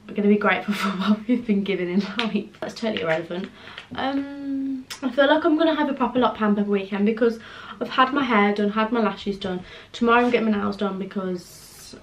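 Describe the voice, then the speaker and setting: A woman's voice: medium pitch, slight background noise. A young woman, chatting casually to camera in a rambling home vlog. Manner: chatty, rambling, drops to a near whisper at times. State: out of breath. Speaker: vlogger. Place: home, indoors.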